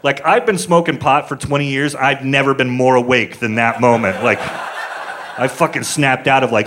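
A man's voice: mid-range voice, normal speed, fairly bright tone, a little hiss or hum. Man telling a stand-up story. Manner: conversational, acting out quoted voices. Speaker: stand-up comedian. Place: comedy club stage. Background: audience laughter.

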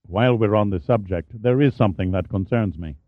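A cool, aloof male politician, read by a man in an audiobook, speaks low and smooth with never a crack in his poise. The voice sits deep and the sound is dry and a little dull. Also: brisk, no room sound, close to an everyday voice.

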